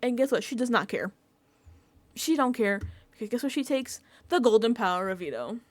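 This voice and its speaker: Young woman vlogger, bright high voice, lively, dry close mic, casual recap chat. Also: moderate pace, no echo. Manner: animated, mimics people in whiny pleading voices, swears casually.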